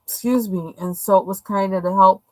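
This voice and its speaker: A woman's voice: mid-range voice, steady tone, fairly quick, mellow, no echo, rough recording. A woman hosting a live coloring stream, chatting casually in a rambling, hesitant way with many fillers. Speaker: livestream host coloring. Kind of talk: casual chat while coloring.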